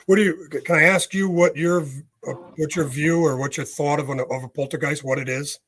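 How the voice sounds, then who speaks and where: A man's voice: fairly high pitch, fairly even intonation, a little fast, a bit bright. Man explaining with folksy examples. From United States. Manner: explains with homely examples, frequent "right?". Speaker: guest, medium. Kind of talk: casual interview talk.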